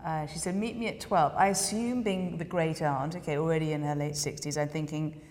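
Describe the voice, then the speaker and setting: An English woman with a slightly low voice tells a story in a casual interview, animated and full of little acted-out quotes. Her words trail off into a long, hall-like reverb. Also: a little fast. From England. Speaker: documentary filmmaker guest.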